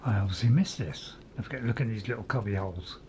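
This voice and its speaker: Speaking fast in a lowish, mellow voice, a man runs casual let's play commentary on his own game, with a faint hiss or hum in the background. He jokes around, pokes fun at himself, and tries on silly voices.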